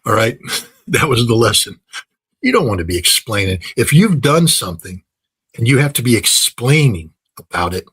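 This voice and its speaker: A man with a slightly husky voice delivers political commentary without a script. He hammers his points home by repeating phrases, and leans on everyday examples between his ums and uhs. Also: medium pitch, sing-song, moderate pace, a bit bright. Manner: emphatic, repeats phrases for effect, frequent filler words; folksy, uses everyday examples and laughs at his own points. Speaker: political commentator, interview guest.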